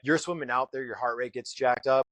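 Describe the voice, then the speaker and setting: A man recounts a story at a quick clip, slipping into other people's voices for the quoted lines. The sound is dry and close, with no room behind him. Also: medium pitch, dry recording, rough recording. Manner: fast, animated retelling with voiced quotes. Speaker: guest. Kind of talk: casual storytelling.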